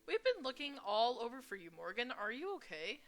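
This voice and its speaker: A woman voicing a tired, caring teenage girl who gently prods her friend in a game voice-over. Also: a little high, big pitch swings, brisk, pitched above the performer's own voice. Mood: relieved. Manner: gently prodding.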